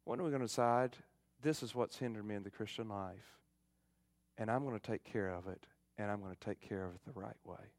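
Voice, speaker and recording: A middle-aged male pastor giving a fervent sermon, swinging from loud emphasis to hushed appeals. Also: lowish voice, a little fast, dry recording.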